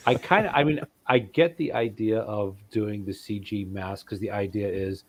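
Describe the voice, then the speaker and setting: Brief: low-pitched man, loose chatty podcast voice, lots of ums. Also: normal speed. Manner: rambling, trails off with fillers. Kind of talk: casual chat.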